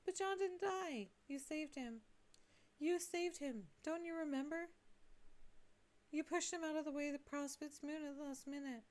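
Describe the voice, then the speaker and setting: A woman's voice: sits high, normal speed, a little mellow, natural voice. A woman voicing an earnest young girl who talks in an urgent, coaxing way. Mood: pleading.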